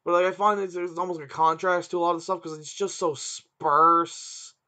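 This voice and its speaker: A man's voice: a little high, fairly even intonation, normal speed, sharp tone. A man co-hosting a casual podcast chat, hesitant and searching for words. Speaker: podcast co-host. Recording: dull lo-fi sound.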